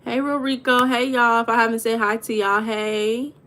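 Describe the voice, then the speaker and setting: A young woman hosting a casual livestream, chatting with viewers, greeting them by name and telling stories with lively emphasis. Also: fairly high pitch, moderate pace. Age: young adult. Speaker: livestream host.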